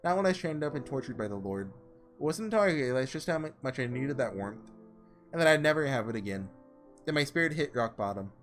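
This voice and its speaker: A man voicing a sorrowful young woman who was once a saint, read slowly and heavily. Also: mid-range voice, animated, soft background music, voice pushed down, natural voice. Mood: grieving. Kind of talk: reading visual novel lines aloud.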